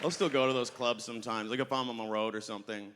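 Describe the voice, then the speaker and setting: A male stand-up comedian telling an animated story on a festival stage through a handheld mic. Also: medium pitch, quick pace, over a noisy crowd, heavy background noise. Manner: animated, acts out voices. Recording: long reverb of a hall.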